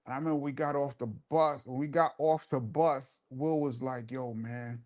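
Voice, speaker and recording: A man's voice: a little high, steady tone, normal speed, a little mellow. A man hosting a live show and telling a laid-back, laughing story in casual street slang. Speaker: host and DJ.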